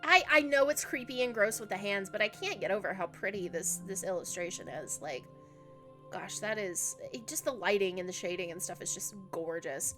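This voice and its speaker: A woman's voice: medium pitch, moderate pace, fairly bright tone, faint music behind. A young woman giving chatty, emotional commentary as she plays a video game, full of likes and ums. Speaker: let's play streamer. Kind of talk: casual gameplay commentary.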